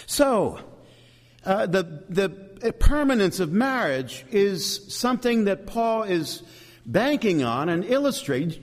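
A man delivering a sermon in a church, his voice rising and falling with animated emphasis. His pitch sits a little high for a man, and the sound rings with a long hall reverb. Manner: animated preaching with emphatic rises and asides. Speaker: pastor.

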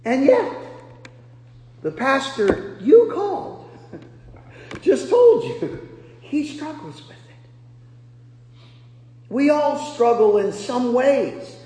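A pastor from Nebraska preaching a sermon, telling self-deprecating stories and breaking into loud bursts. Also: male voice, extremely high pitch, sing-song, extremely slow, long pauses. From Nebraska, USA. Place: large church hall. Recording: echoey hall with long reverb.

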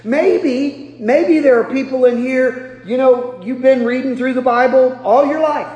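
A pastor from Nebraska preaching a sermon, telling self-deprecating stories and breaking into loud bursts. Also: male voice, extremely high pitch, unhurried. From Nebraska, USA. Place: large church hall. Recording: echoey hall with long reverb.

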